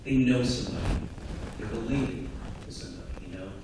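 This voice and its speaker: A man's voice: medium pitch, fairly quick, far from the mic. A man performing live stand-up comedy in a sardonic, conversational way, slipping into mocking acted-out asides. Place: large theatre stage. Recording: echoey live theatre recording from afar, audience noise. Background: audience laughter.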